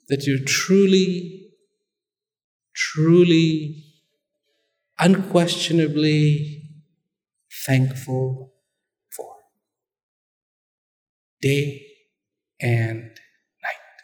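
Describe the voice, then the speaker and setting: A man preaching, telling a story and asking the audience animated questions, in a hall with long reverb. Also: a little high, very slow, pauses often. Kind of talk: sermon storytelling.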